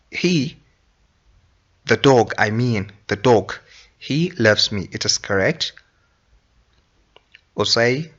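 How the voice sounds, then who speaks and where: Guy teaching english grammar real slow, bright sharp voice, says every example twice. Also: medium pitch, lo-fi sound. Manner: deliberate, repeats example sentences. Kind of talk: slow explanatory grammar lesson.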